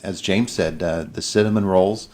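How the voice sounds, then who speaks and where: A man's voice: deep voice, moderate pace, a little mellow, slight background noise. A man hosting a morning radio interview in a studio, chatty and encouraging, with folksy asides. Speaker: radio morning show host. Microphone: studio microphone.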